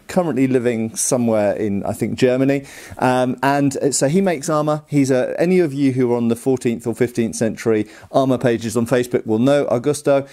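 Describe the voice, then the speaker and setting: A man's voice: mid-range voice, mellow. A middle-aged man with an English accent hosts a casual educational talk, chatty and digressive. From England. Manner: chatty and digressive, with lots of ums and uhs. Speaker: host.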